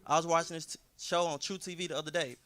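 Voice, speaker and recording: Guy from st louis doing stand-up, kinda high and bright, easygoing delivery. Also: fairly even intonation, quick pace. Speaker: stand-up comedian. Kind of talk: stand-up comedy set.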